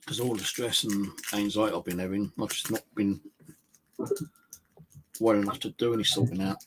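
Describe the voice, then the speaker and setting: A man streaming live from his flat as a ghost hunter, muttering to himself between calls out to spirits. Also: on the low side, moderate pace, creaky, a little hiss or hum, poor audio. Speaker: paranormal investigator streaming live. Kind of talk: casual live-stream monologue. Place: at home in his flat, indoors.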